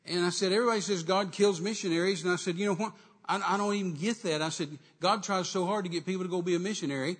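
A man's voice: high-pitched, quick pace, fairly bright tone, husky. A man preaching a sermon, retelling a conversation and acting out the dialogue. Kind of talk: sermon storytelling.

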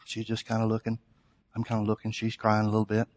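A man's voice: on the low side, monotone, quick pace, darkish tone. A man preaching a sermon, telling a story in a conversational way and then rising to emphatic exhortation. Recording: long hall reverb.

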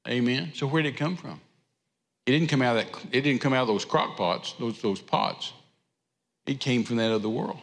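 A man's voice: mid-range voice, normal speed, big-room sound. A man preaching a sermon, retelling scripture with an emphatic, repetitive cadence. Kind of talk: sermon storytelling. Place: church sanctuary.

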